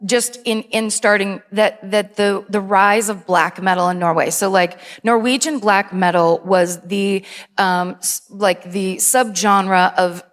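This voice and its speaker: A woman's voice: medium pitch, fairly even intonation, a little slow. A woman co-host speaks with a dry, self-deprecating wit in a mid-range voice, rambling through stories in a live comedy podcast. Her words carry the long reverb of a theater hall. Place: theater stage before a live audience.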